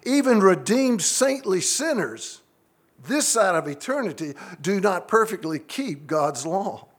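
A man's voice: high-pitched, big pitch swings, a little slow. A middle-aged man, preaching a sermon to his congregation in an earnest way, often asking the listeners questions. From United States. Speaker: pastor.

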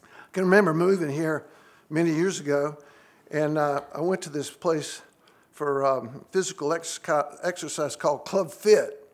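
A middle-aged man preaching in a church, his voice sitting notably high for a man. He delivers his sermon earnestly and keeps turning to the congregation with questions. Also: normal speed. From United States. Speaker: pastor.

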